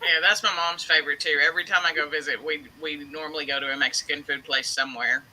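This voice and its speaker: A chatty woman from Dallas talking on a livestream video call. Her voice is very bright and sharp, with a faint hiss of noise underneath. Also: low-pitched, fairly even intonation, quick pace, low-quality recording. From Texas, United States. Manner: chatty, enthusiastic, laughs easily. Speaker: livestream co-host. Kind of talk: casual livestream chat.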